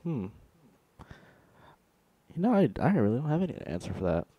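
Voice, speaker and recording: A man's voice: medium pitch, very animated, normal speed, slightly rough, no echo, phone-quality sound. A man co-hosting a casual podcast chat, making dry, offhand remarks. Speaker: podcast co-host.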